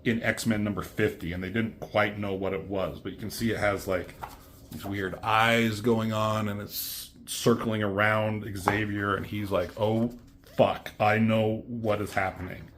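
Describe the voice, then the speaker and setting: A man's voice: lowish voice, level tone, measured pace, a bit bright, slight background noise. A man who is a comic book reviewer, recapping a comic in a rambling, casual way, with lots of fillers and swearing.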